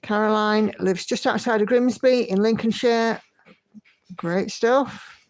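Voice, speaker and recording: A woman hosts a relaxed livestream from home, greeting viewers by name in a friendly, chatty way. Her voice has a gravelly edge, and the sound is dry and close. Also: fairly high pitch, takes it slowly, no echo. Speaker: livestream host. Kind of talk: casual livestream chat, reading viewer comments.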